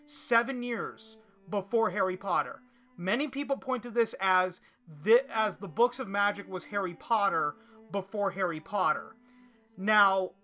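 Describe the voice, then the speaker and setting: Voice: medium pitch, pushed and bright. A podcast host delivering an opinion monologue and reading articles aloud, often restarting and repeating words.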